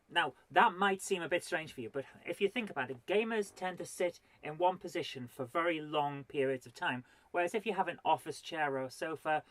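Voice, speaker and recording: A middle-aged woman doing stand-up comedy from her home office as host of her own show, rambling and self-deprecating with mock-serious asides. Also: on the low side. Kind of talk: solo stand-up comedy to camera.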